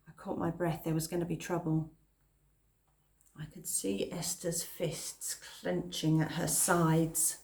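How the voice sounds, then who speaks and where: A woman reading a children's novel aloud at a calm pace, pausing now and then to explain a phrase. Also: low voice, vocal fry. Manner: calm, pauses to explain words. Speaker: reader.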